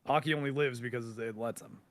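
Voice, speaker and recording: A man's voice: mid-range voice, steady tone, fairly quick, fairly bright tone, no room sound. A man in casual podcast chat, thoughtfully explaining plot points of an anime. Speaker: podcast guest.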